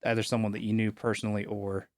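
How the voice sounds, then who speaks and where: A man's voice: fairly low pitch, level tone, fast talker, darkish tone, dry recording, studio quality. A man narrating as game master of a tabletop game, casual with many fillers.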